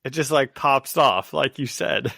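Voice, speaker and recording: A man's voice: mid-range voice, a little slow, gravelly, sharp tone, dry recording. A man with a mid-range voice reacts easily and laughs often. His speech is loose and full of fillers. He sounds close to the mic in a dry space. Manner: laid-back, laughs often, filler-heavy. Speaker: podcast co-host. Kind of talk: casual chat about a comic.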